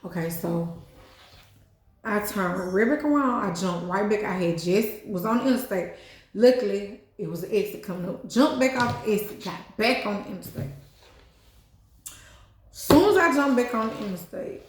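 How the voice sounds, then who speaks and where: A woman's voice: medium pitch, brisk. Lady telling her story, chatty and cussing, mid-range voice, roomy echo. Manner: chatty and animated, swears, fills with "you know what I'm saying". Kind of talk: casual storytime. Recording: echoey room.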